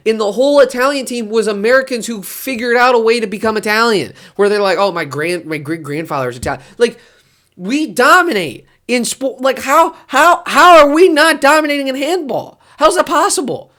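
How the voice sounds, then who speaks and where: A man vlogging about sports in a casual, rambling way, his voice jumping high when he gets worked up. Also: a bit bright. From Detroit area.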